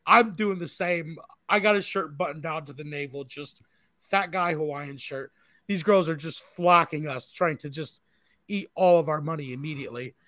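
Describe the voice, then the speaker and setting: A man with a slightly higher voice rambles through an anecdote, swearing freely and padding it with "like" and "uh." The sound is dry and close, with no room around it. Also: a bit bright, dry recording. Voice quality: profane, rambling storyteller. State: married. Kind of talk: casual storytelling chat.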